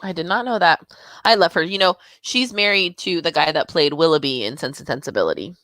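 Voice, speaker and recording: A woman from California, guest co-host on a casual film commentary, chatty and quick to agree. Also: low-pitched, a bit bright, dry recording.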